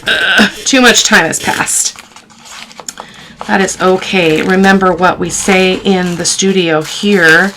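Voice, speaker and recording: A woman's voice: fairly low pitch, fairly even intonation, takes it slowly, pushed and bright, a little hiss or hum. A woman hosting a casual crafting tutorial, chatting to her viewers and teasing herself as she works. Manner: chatty, talks to viewers while working, self-teasing. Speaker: craft channel host.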